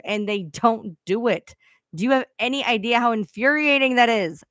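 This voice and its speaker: A woman's voice: on the high side, animated, fairly quick, a bit bright, no room sound, studio quality. A woman hosting her own live stream, venting to viewers in a frustrated, profane rant. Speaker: livestream host.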